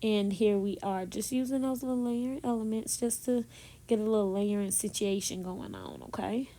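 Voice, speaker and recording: A woman recording a casual, chatty voiceover in her bedroom, talking softly, laughing at herself and speaking straight to her viewers. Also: mid-range voice, fairly even intonation, moderate pace. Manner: talks softly so as not to disturb someone nearby. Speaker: planner vlogger. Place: bedroom at home.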